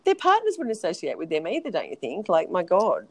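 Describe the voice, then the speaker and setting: Low-voiced woman, chatty and frank. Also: wildly swooping pitch, a little fast, darkish tone, no echo, low-quality recording. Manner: chatty, rambling, frank, swears casually. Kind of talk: casual reality-TV gossip chat.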